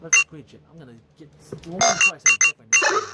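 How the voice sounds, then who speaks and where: A woman's voice: lowish voice, steady tone, rapid-fire. A woman doing let's play commentary, swearing heavily and bickering as she plays. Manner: heavy swearing, ranting and bickering. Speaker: gaming video host. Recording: loud background noise.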